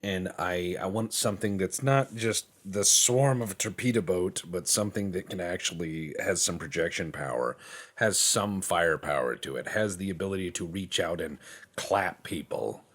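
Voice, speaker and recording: A man's voice: deep voice, fairly bright tone. A man casually commentating his gameplay, joking, swearing and mocking himself as he goes. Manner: slips into quick silly voices for other countries. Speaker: gaming channel host. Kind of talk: casual let's-play commentary.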